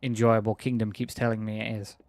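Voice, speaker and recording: A man's voice: fairly low pitch, level tone, fairly quick, a little mellow, no echo. A man streaming a video game, joking casually with friends on voice chat. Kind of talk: casual gaming livestream chat.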